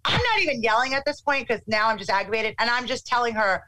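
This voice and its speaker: Animated woman telling a story. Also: a little high, quick pace, rough recording. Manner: animated, acts out quotes. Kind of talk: casual anecdote.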